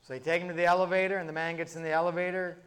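A man's voice: on the high side, level tone, racing, a bit bright. A male pastor telling humorous stories in a sermon, in a conversational, chained storytelling manner. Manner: conversational storytelling, many "and" links.

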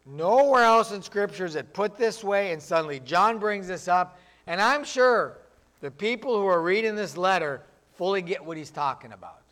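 A man's voice: sits high, expressive, moderate pace, a bit bright. A man preaching a sermon as pastor, in a plainspoken, conversational way, acting out voices of the people he quotes.

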